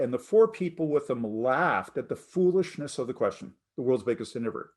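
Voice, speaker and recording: A man's voice: fairly high pitch, animated, moderate pace. A man from Canada giving an online class lecture on a video call, chatty and self-deprecating. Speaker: instructor.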